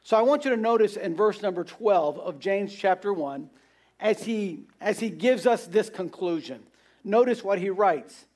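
A man's voice: sits high, animated, moderate pace, darkish tone. A man preaching a sermon, earnest and repeating his points for emphasis.

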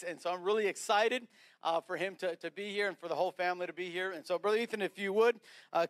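A male pastor introducing a guest preacher in church, speaking haltingly and repeating words. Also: high voice, a bit bright, dry recording. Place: church sanctuary.

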